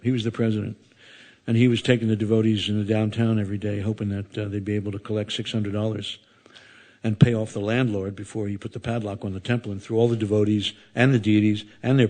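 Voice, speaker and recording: A man's voice: lowish voice, a little mellow. An older man giving a sermon to a temple audience, telling a story with many asides and acting out the voices. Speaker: temple speaker. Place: temple hall before an audience.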